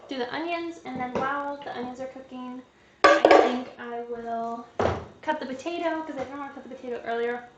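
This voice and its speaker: A woman's voice: sits high, fairly quick, lo-fi sound. A young woman hosting a live cooking demonstration, chatting and joking to herself as she works in a kitchen. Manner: chatty, jokey, talks to herself while cooking. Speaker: cooking show host. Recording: echoey kitchen with background noise.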